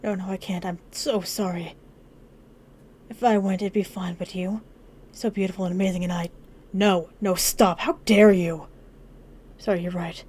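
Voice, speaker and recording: A woman voicing a guilt-ridden young man who speaks quietly and remorsefully, pleading through tears. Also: lowish voice, fairly even intonation, moderate pace, slight background noise, close to an everyday voice. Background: game music.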